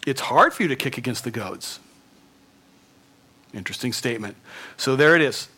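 A male pastor giving an animated sermon, laughing often and sinking to near whispers at times. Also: mid-range voice, moderate pace, slightly rough.

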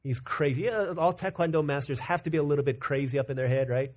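A man from Virginia preaching a conversational, animated sermon as pastor. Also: fairly high pitch. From Virginia, USA. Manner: conversational and animated, acting out quick character quotes.

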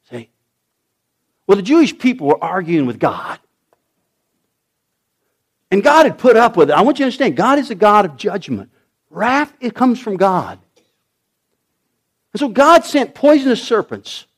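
A middle-aged male pastor delivers a sermon in a high, lively voice that swoops up and down. He tells the story dramatically, breaking into shouted lines when he acts out the characters.

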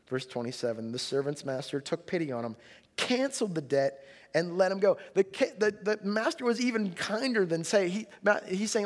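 A man preaches in a relaxed, talk-to-the-room way, his voice sitting fairly high for a man. He leans hard into quoted lines and punch lines. The sound rings with the long reverb of a large hall. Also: brisk. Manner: conversational preaching, rising emphasis on quotes. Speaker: pastor. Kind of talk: sermon.

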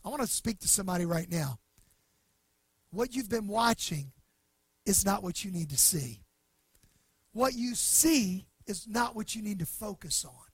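A man pastor preaching a sermon with emphasis, swinging between loud bursts and hushed, slow lines. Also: high voice, animated, breathy edge, dry recording.

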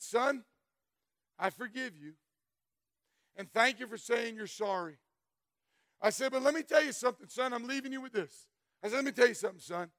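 A middle-aged man giving a folksy, animated testimony sermon, telling stories and breaking into shouts. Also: high-pitched, no echo. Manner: folksy, storytelling, bursts into shouts.

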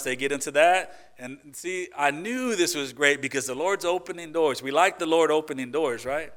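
A man preaching a sermon as pastor, talking to the congregation conversationally with rhetorical questions, swinging between loud emphasis and quiet asides. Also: fairly high pitch, moderate pace, few pauses.

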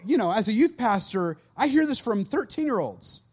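A man in his thirties, a youth pastor preaching a sermon in an animated way and acting out quoted voices. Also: extremely high pitch, normal speed, slightly rough.

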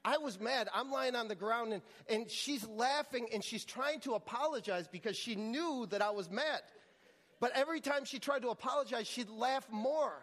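A man's voice: extremely high pitch, normal speed, fairly bright tone, big-room sound. A man preaching a sermon as pastor, telling a story with frequent restarts and repeated words.

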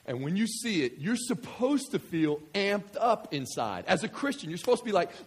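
A man from West Kentucky preaching a sermon, joking with the congregation and swinging from quiet scripture reading to loud excitement. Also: sits high, a little fast, few pauses, breathy edge. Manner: animated, jokey, swings between quiet reading and loud enthusiasm. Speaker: pastor.

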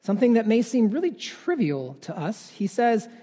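A man's voice: sits high, big pitch swings, normal speed, warm tone. A man in his thirties preaching a sermon, talking conversationally and often asking "right?". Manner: conversational, keeps adding "right?". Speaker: pastor. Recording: long reverb of a large hall.

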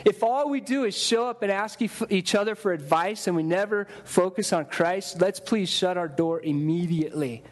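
Pastor, male, higher voice, chatty sermon delivery with restarts. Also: moderate pace, hardly any pauses. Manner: conversational preaching with repeated restarts and acted-out quotes. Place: church sanctuary.

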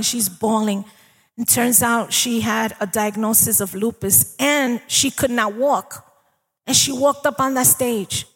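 Gravelly woman preaching in a big hall. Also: fairly high pitch, fairly even intonation, slow pace. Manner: conversational preaching, asks the congregation for agreement. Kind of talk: sermon. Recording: long reverb of a large hall.

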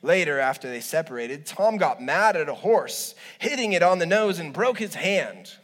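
A man preaching from the pulpit with a slightly higher voice than most men. He tells stories with joking asides, rising loud and then dropping low. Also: normal speed. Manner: humorous, animated storytelling with asides. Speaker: pastor. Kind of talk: sermon.

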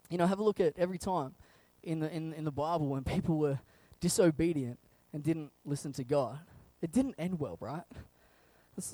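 A pastor gives a conversational sermon, animated and chuckling often between thoughts. The sound is dry and close. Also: medium pitch, no echo.

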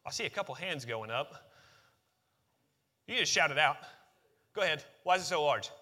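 A man's voice: on the high side, expressive, normal speed, sharp tone. A man preaching a sermon to a congregation into a microphone, reading scripture and then talking conversationally, asking the room questions. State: out of breath after reading. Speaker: pastor. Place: church sanctuary with congregation.

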